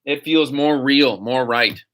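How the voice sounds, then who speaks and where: A man's voice: medium pitch, takes it slowly, fairly bright tone. A man hosting a live stream, answering viewer questions in a rambling, opinionated way. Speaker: host.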